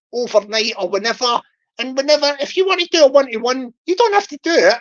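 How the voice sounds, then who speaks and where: A woman hosting a casual livestream, rambling and backtracking with plenty of fillers. Her voice sits slightly high. The sound is muffled and lo-fi. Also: fairly bright tone. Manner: rambling, many fillers and restarts. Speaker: livestream host.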